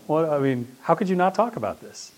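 A middle-aged man preaching a sermon as pastor, swinging between loud emphasis and hushed, quiet asides. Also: a little high, sing-song, moderate pace.

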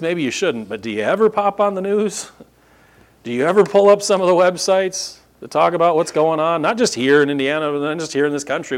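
A male pastor preaching a sermon, firing rhetorical questions at his congregation and acting out disbelieving reactions. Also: fairly high pitch. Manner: acts out incredulous reactions. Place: church sanctuary at a podium.

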